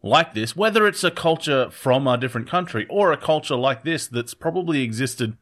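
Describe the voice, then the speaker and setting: A man's voice: medium pitch, animated, a little fast, fairly bright tone. A man in casual chat, an occupational therapist who explains his points earnestly, restarting sentences as he goes.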